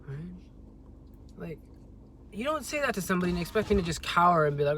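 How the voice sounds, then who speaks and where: A young man telling a story on a vlog as a rambling, agitated rant, with sudden loud jumps in pitch. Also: big pitch swings, fast, slight background noise. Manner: rambling, with many restarts. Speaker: vlogger.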